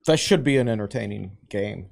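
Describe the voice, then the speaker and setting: Lower-voiced man with wry quips. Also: lively intonation, fairly quick, creaky. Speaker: podcast co-host. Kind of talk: casual sports chat.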